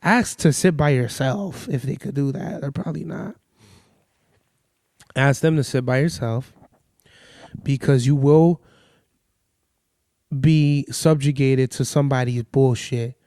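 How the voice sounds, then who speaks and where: A man hosting a podcast, ranting in crude, sarcastic storytelling while sick and low on energy. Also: a little slow, pauses often, warm tone, no echo, studio quality. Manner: heated, crude, sarcastic, mimics people in quotes. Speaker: podcast host. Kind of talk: profane storytelling rant.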